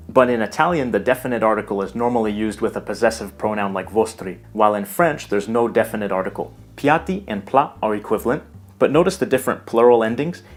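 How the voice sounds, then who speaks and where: A man giving a scripted language lesson in a measured, explanatory way. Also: lowish voice. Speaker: language teacher. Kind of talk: scripted educational narration.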